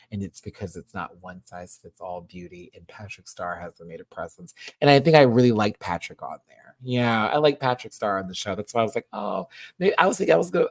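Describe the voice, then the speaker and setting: Animated woman gushing in a live review. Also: a bass voice. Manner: animated, gushing, laughs a lot. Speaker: show reviewer.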